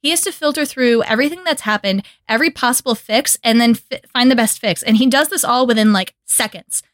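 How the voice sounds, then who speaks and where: A young woman co-hosting a podcast in casual chat, animated and laughing often as she acts out scenes. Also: on the high side, brisk, no echo, clean studio sound. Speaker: podcast co-host.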